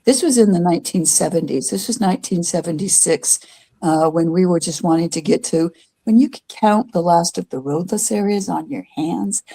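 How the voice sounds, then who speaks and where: Older woman with a mellow, rambling voice. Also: on the low side, normal speed, slightly rough. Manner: rambling, many fillers and restarts. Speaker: guest. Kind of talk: casual storytelling chat.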